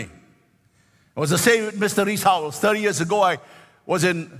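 A man in his sixties delivers a fervent sermon with a high, bright voice. He stretches key words into a sing-song lift and keeps punctuating with hallelujahs. The sound carries a long reverb, as in a large hall. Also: moderate pace, pauses often. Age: 60s. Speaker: pastor.

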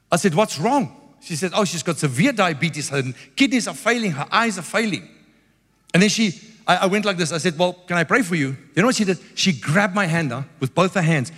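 A man preaching a sermon, telling stories with lively quoted dialogue. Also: high-pitched. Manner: animated storytelling with quoted dialogue. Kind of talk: sermon with storytelling. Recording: long hall reverb.

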